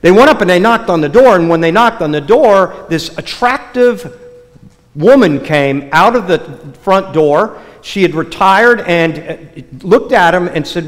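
A man preaching a sermon, opening with a joke told in a lively storytelling way with many restarts. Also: sits high, unhurried. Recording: long hall reverb.

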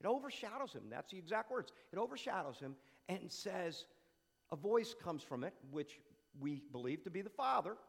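Animated high-voiced preacher, hall echo. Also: male voice, moderate pace, creaky, husky. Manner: animated, asks rhetorical questions, repeats phrases for emphasis. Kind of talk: conversational sermon.

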